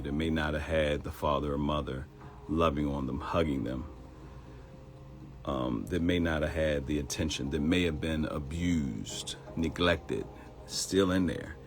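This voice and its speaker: A man hosting a live morning talk stream, speaking in a motivational way, repeating phrases and laughing at his own jokes. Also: very deep voice. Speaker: host of a live morning show.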